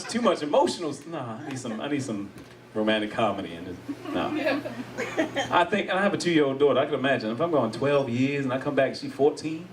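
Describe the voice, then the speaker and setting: A medium-pitched male voice, recorded at a distance with noise behind it. The speaker is a middle-aged stand-up from the United States doing crowd work before a live audience, laughing often, animated, and voicing other characters.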